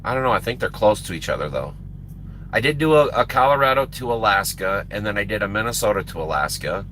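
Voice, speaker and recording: A truck driver chats casually with his livestream viewers, rambling and repeating words for emphasis. His voice is on the low side, bright and forceful, with lively intonation and a fast pace, over slight background noise.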